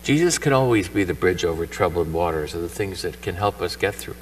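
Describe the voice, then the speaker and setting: A male priest with a lowish voice preaches a homily in a church shrine. He tells the story in a chatty, lively way and acts out the characters' lines. He is picked up from some distance off the microphone. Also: brisk, a little hiss or hum. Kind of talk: homily at Mass. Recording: voice from far off the mic.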